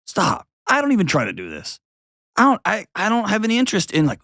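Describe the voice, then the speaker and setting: A man's voice: high-pitched, wildly swooping pitch, fast talker, vocal fry, sharp tone, no echo, clean studio sound. A man hosting an advice show, talking bluntly and emphatically and repeating words for stress. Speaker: host.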